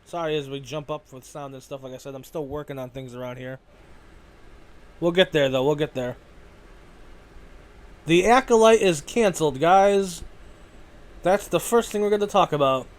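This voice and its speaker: A man's voice: a little high, moderate pace, pauses often. A man hosting a casual solo podcast, rambling and correcting himself, swearing now and then. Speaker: podcast host.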